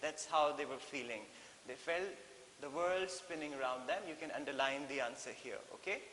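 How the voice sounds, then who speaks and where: A man's voice: mid-range voice, bright, forceful tone. Indian man teaching in an echoey classroom. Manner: explains slowly, repeating phrases with "okay?" checks. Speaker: English teacher. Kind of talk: textbook lesson explanation. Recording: echoey hall with faint hiss.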